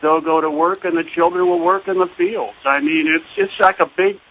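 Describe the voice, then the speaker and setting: Hesitant guy calling into radio, kinda high, bright edgy voice. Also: sing-song, normal speed, gravelly, low-quality recording. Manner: hesitant, full of fillers and restarts. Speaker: caller. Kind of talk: call-in talk radio.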